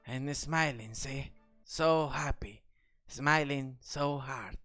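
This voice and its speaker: A woman's voice: very deep voice, slow pace, a bit bright, soft background music. A woman streamer chatting playfully and giggling on a live stream. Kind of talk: casual live-stream chat.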